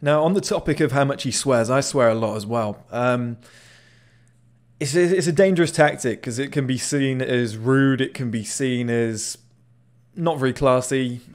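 Speaking at normal speed in a medium-pitched voice, this body language analyst chats casually about a video clip. He swears occasionally and tends to repeat words as he starts over.

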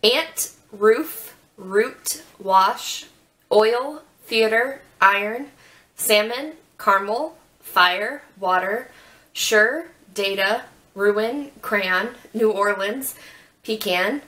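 Young female host, bright voice, chatty and giggly. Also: mid-range voice, drawn-out words, low-quality recording. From Northwest Ohio. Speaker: beauty channel host. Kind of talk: casual chat.

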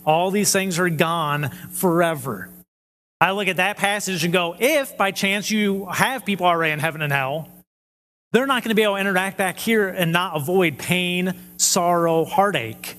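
A pastor with a high-sitting, pushed and bright voice preaches a conversational sermon at normal speed in a church hall with long reverb. He keeps asking the audience questions and animatedly acts out quoted voices.

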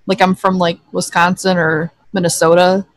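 A woman's voice: on the low side, little pitch movement, moderate pace. Woman from Ohio, casual chat, jokey.

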